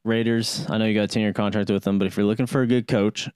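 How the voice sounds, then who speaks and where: Low smooth dude co-hosting a sports podcast, jokey and rambly, dead dry sound. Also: male voice, fairly even intonation, fast talker, a little mellow, no echo. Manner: joking, rambling with many fillers. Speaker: podcast co-host. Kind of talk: casual sports chat.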